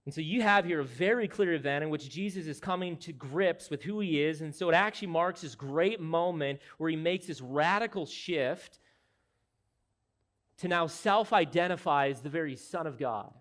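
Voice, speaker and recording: A man's voice: on the high side, moderate pace, fairly bright tone. A man preaching an expository sermon as pastor, speaking in an earnest, emphatic, explanatory way.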